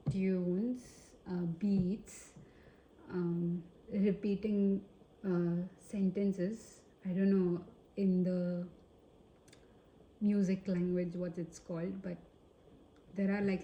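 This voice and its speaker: Indian-accented woman tarot reader, slow and hesitant, mellow tone, roomy recording. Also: mid-range voice, a little hiss or hum. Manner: hesitant, searching for words with many fillers. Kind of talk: casual tarot reading to camera. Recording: roomy echo.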